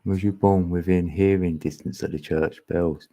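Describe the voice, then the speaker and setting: A man's voice: sits low, fairly even intonation, normal speed, dark tone. A man with a Cockney accent from East London, chatting casually on a livestream, reading chat and chuckling. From England. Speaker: livestream host.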